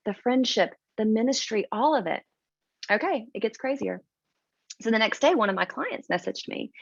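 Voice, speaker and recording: A woman's voice: on the high side, gravelly, no echo, lo-fi sound. A woman sharing her personal story on a video call in a casual, chatty way, with lots of "like" and "um.". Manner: chatty, full of "like" and "um".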